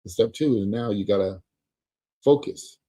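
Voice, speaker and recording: A man's voice: fairly low pitch, moderate pace, dark tone, rough recording. A middle-aged man teaching sales in a webinar, talking emphatically, repeating key points and checking in with his listeners. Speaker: sales trainer.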